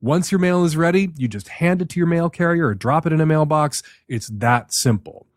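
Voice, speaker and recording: A man's voice: fairly high pitch, a little fast, no echo, studio quality. A man hosting an advice show, reading an ad and then questioning a caller in an emphatic, skeptical way. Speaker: host. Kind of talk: host read ad and advice commentary.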